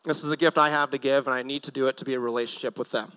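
A man's voice: mid-range voice, steady tone, rapid-fire, fairly bright tone, poor audio. A young man giving a casual, joking sermon from a church stage, with nervous self-deprecating asides. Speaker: guest preacher.

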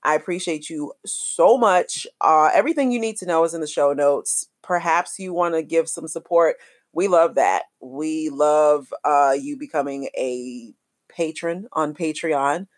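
A woman podcast host, talking in a lively, chatty, affectionate way full of slang as she wraps up her show. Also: deep voice, a little slow, no room sound, studio quality. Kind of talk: casual podcast outro.

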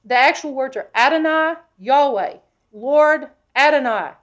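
A woman preacher with a high voice delivers an expository Bible sermon. She is emphatic and keeps asking her listeners questions. Her delivery moves between loud, pressing stretches and quiet, hushed asides. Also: a little slow.

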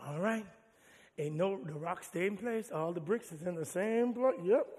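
A man pastor preaching a sermon with animated, playful storytelling in a church. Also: high-pitched, normal speed, husky, long reverb tail.

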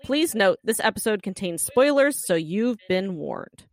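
A woman's voice: medium pitch, lively intonation, unhurried. A woman co-hosting a podcast, playfully reading a prepared show intro with jokes. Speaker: podcast co-host. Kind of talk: casual chat and read review intro.

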